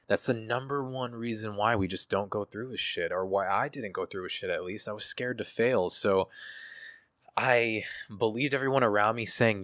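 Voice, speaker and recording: A man's voice: fairly low pitch, normal speed, fairly bright tone, dry recording, clean studio sound. A man, a guest artist in an interview, talking candidly in a casual, profane and reflective way, with many fillers.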